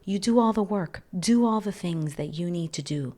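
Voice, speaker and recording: A woman hosting a personal podcast, speaking earnestly and repeating key phrases, sometimes softening almost to a whisper. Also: fairly low pitch, moderate pace, few pauses. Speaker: podcast host. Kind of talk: personal reflective podcast talk.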